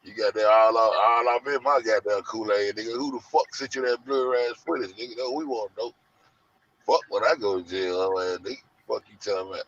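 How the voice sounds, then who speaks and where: Profane ranting man, gravelly and bright. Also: on the low side, brisk. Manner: loud, profane, heavy slang, mocking. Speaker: show host. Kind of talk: profane rant to an online audience. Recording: muffled lo-fi audio.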